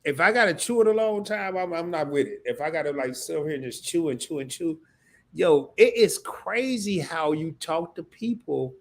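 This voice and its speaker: A man hosts a relaxed livestream conversation with a slightly raised pitch. He talks loosely, joking in slang and circling back over his own phrases. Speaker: host. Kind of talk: casual livestream chat.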